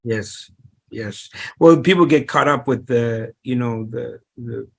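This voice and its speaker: A man's voice: mid-range voice, slow, vocal fry, darkish tone, breathy edge. A middle-aged man, a real estate investor, telling his story in an interview, rambling with many restarts and fillers.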